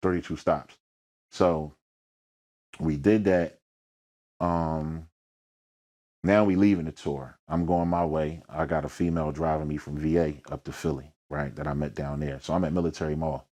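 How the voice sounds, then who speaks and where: A low-voiced man with a Philadelphia accent sits down for an interview about his rap career. He talks in thick slang and tells his stories with energy, acting out the voices and sounds in them. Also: fairly even intonation, moderate pace, mellow. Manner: slangy, peppered with "you know what I mean". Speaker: rapper, interview guest. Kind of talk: storytelling in a sit-down interview.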